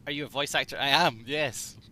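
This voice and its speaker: A young man streaming a game, chatting casually with his audience in a joking, animated way and swearing freely. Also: medium pitch, fairly quick. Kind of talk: casual live-stream chat reading.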